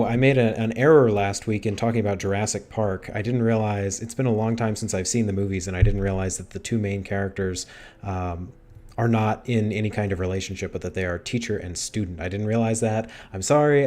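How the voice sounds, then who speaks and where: A man's voice: fairly low pitch, steady tone, fairly quick, a little mellow. A man hosting a livestream interview, chatty and self-deprecating with playful asides. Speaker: livestream host. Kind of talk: casual interview chat.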